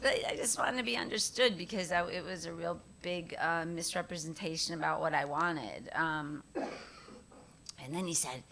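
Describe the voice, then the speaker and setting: Animated middle-aged woman telling stories. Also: sits low, normal speed, slight background noise. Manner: animated, laughing often, acts out quoted voices. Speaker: guest actress at a Q&A. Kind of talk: casual storytelling on stage.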